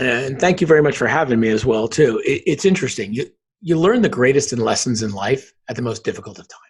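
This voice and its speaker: Husky New man telling stories. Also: medium pitch. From northern New Jersey. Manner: earnest storyteller who acts out quoted dialogue. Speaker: guest. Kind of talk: storytelling interview talk.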